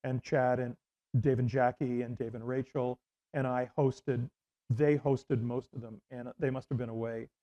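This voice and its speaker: A man's voice: mid-range voice, flat delivery, moderate pace, warm tone, dull audio. A middle-aged man from Canada, a former radio host, telling rambling anecdotes in an interview with many restarts and fillers. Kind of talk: casual interview storytelling.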